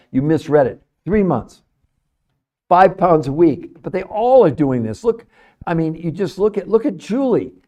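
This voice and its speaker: A middle-aged man hosts a live stream and answers his chat in a pushy, salesy way, hammering the same points again and again. His voice sits fairly high for a man. The tone is mellow and soft-edged. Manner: emphatic, salesy, repeats points for effect. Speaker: livestream host, nutrition researcher.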